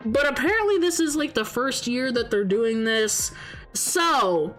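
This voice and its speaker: A woman VTuber streamer chatting casually, animated and tipsy, gushing like a fangirl and swearing freely. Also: a little high, measured pace, faint music behind. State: tired and a little tipsy.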